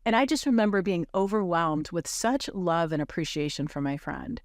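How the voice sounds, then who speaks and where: A woman on a podcast telling a moving personal story in an earnest, halting way, with many fillers and restarts. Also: fairly low pitch, expressive, no room sound, studio quality.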